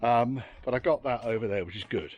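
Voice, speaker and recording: A man's voice: medium pitch, brisk, husky, lo-fi sound. A tired, rain-soaked man talking casually as he works on old vehicles outdoors, muttering, swearing freely and making dry asides. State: tired and soaking wet. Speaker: classic car restorer vlogger.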